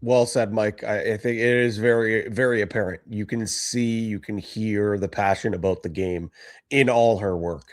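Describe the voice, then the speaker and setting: A man appearing as a guest on a sports talk show, a lacrosse broadcaster who speaks in a measured, articulate way. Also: fairly low pitch, steady tone, no room sound.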